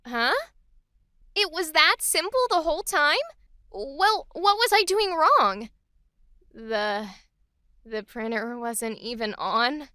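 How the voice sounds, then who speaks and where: A woman's voice: high voice, animated, slow, long pauses, bright, forceful tone, dry recording, clean studio sound, heavily acted. Woman voicing a bubbly, clueless office newbie girl. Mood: puzzled. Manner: bubbly, apologetic, a bit clueless. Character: eager, ditzy young woman office newbie.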